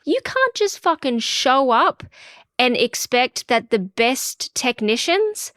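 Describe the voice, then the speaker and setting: Woman on a podcast ranting thru a story, animated and indignant, dry close sound. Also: sits high, slow pace, no room sound. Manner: animated, indignant storyteller who acts out quotes. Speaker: podcast co-host. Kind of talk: casual chat, storytelling.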